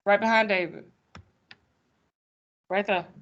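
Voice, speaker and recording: This is a woman teaching math in a classroom, speaking. Her voice is bright and clear as she calls on students. She stays sassy and playful throughout, calling students sugar baby. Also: medium pitch, fairly even intonation, takes it slowly, muffled recording, slight background noise.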